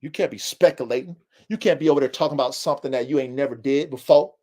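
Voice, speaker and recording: A man's voice: mid-range voice, fast talker, warm tone. A man hosting a livestream podcast, lecturing his listeners in an emphatic, preachy way, repeating himself and using casual slang. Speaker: podcast host.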